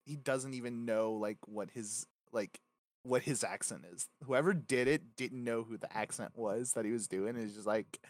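A man co-hosting a casual gaming podcast, animated and rambling, swearing freely with lots of fillers. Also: medium pitch, normal speed. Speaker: podcast co-host.

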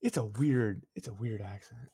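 A man co-hosting a casual gaming podcast, chiming in with quick asides and frequent laughter. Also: mid-range voice, gravelly, warm tone, slightly rough, no room sound. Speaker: podcast co-host.

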